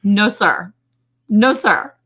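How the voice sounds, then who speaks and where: A woman's voice: mid-range voice, lively intonation, extremely slow, fairly bright tone, breathy edge. A woman, casually co-hosting a ranch live stream, chatty and giggly as she greets viewers. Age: 40s. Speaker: ranch livestream co-host.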